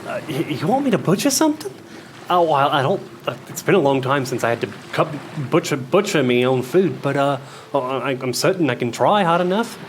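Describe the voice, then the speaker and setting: Man playing a jittery little pirate recruit, Australian accent, stammers, pitched up a bit. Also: very animated, a little fast, a little hiss or hum. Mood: nervous. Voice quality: stammering, hesitant. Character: nervous small young male pirate recruit.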